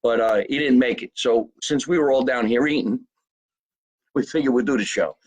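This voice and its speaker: A man's voice: medium pitch, moderate pace. A man hosting a casual live podcast, joking loosely and reading viewer comments aloud. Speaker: podcast host. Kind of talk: casual live show chat. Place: basement at home.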